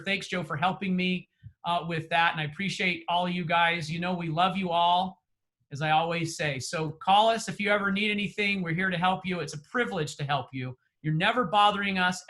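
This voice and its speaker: A man's voice: sits high, fairly even intonation, normal speed, pushed and bright. A man giving earnest, encouraging closing remarks as a real estate trainer over a video call, with frequent fillers and restarts.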